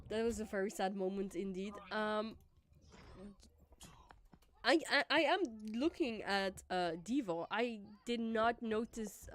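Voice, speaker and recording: A woman co-casting an esports match in a chatty, casual way, with many fillers and frequent laughs. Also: fairly high pitch. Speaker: esports co-caster.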